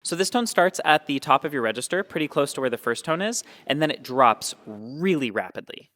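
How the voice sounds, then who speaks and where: A man's voice: fairly high pitch, animated, brisk, a bit bright. A man teaching Mandarin tones, explaining patiently and demonstrating each sound. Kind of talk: explaining with spoken examples.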